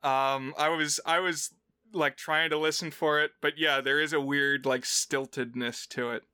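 A man co-hosting a podcast, chatting casually about films, playful and quick to mimic accents in short bits. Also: a little high, fairly even intonation, bright, forceful tone, clear, resonant tone, no room sound, clean studio sound. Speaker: podcast co-host. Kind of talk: casual chat.

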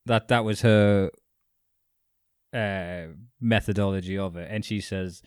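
A man chatting casually as a podcast co-host, telling a story with animated asides and casual swearing. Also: on the low side, unhurried, clean tone, no echo, studio quality. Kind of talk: casual chat.

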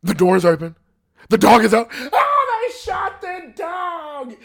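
A man's voice: huge pitch swings, slow, gravelly, exaggerated voice. A man voicing his nosy older mother, who shrieks in panic from far off while watching something outside. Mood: panicked. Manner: shrill, yelling from far off.

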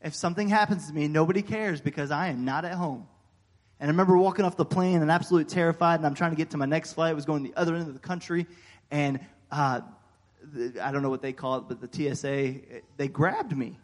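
An American man preaching a sermon, telling a personal story in a folksy, animated way with frequent fillers and amens. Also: fairly high pitch, quick pace. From United States. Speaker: pastor.

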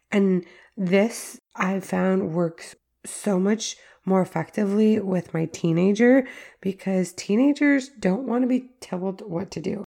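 A woman's voice: mid-range voice, vocal fry, warm tone. A middle-aged woman hosting a podcast, giving instructional parenting talk in a conversational way with frequent "like" fillers. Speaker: podcast host.

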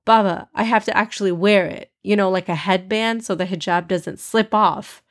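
A woman's voice: medium pitch, steady tone, normal speed, close to an everyday voice. A woman voicing a sensitive, easily upset young girl in a storybook reading, with a whiny, pleading manner. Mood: playful.

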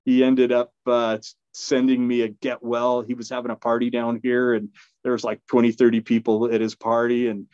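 With a monotone, darkish but clean voice at a moderate pace, a man guests on a podcast and tells a loose, rambling story. He stumbles through fillers and restarts and laughs often. The recording is dull, dry and low-fidelity, with no room sound.

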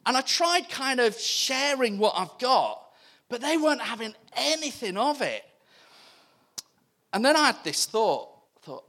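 A man telling stories to a church crowd, with a high, very lively voice that jumps all over the place. He laughs often and acts out the people in his stories. The delivery is warm-hearted and animated. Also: a little slow. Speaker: church speaker. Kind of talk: animated storytelling testimony.

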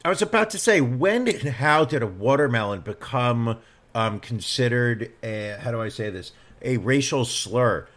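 A man co-hosting a casual podcast, riffing and joking with quick one-liners. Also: medium pitch, expressive, fairly bright tone. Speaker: podcast co-host. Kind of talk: casual banter.

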